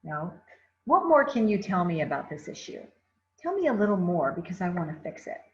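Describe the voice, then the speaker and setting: A woman's voice: lowish voice, very animated, brisk, slight background noise. A woman giving a conversational customer service training talk, often repeating phrases and adding fillers. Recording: roomy, slightly dull recording.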